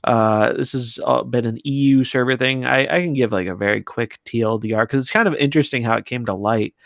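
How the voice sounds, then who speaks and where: A man's voice: medium pitch, fairly quick, creaky, a bit bright, dry recording. Casual male podcast co-host, dry sound. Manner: loose, conversational, laughs often.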